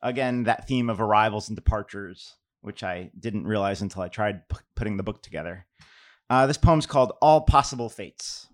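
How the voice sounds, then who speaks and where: Man giving a relaxed poetry reading. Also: lowish voice, normal speed. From New York. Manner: relaxed, self-deprecating, many fillers and restarts. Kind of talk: casual anecdote and poetry reading.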